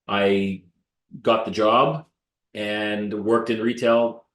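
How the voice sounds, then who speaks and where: A man in his thirties from Canada, a realtor telling stories in an interview, animated and joking. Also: fairly low pitch, echoey room. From Ottawa, Canada. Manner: animated, joking, swears casually. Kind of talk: casual storytelling in an interview.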